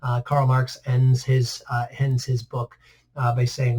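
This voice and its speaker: A man teaching a recorded history lesson in a relaxed, conversational way, filling pauses with frequent "uh"s. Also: mid-range voice. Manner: relaxed, many "uh" fillers, conversational asides. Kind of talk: recorded class lecture over slides.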